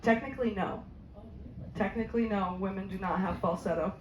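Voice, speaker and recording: A woman giving an informal question-and-answer talk on voice health, chatty and quick to laugh, with many ums. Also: mid-range voice, slight background noise. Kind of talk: informal Q&A presentation. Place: community room at a senior living center. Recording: echoey, slightly dull room recording.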